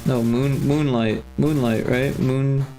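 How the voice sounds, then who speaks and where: A man's voice: mid-range voice, steady tone, takes it slowly, mellow, soft background music. A man streaming his game development, chatting casually and thinking aloud with lots of fillers. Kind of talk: casual livestream chat.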